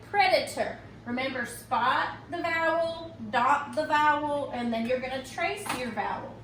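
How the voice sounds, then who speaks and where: A woman's voice: sits high, fairly bright tone, a little hiss or hum. Patient woman teaching phonics, echoey room. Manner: slow and patient, checks in with "okay?". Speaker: reading teacher. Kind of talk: recorded phonics tutorial. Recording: echoey room, mic at a distance.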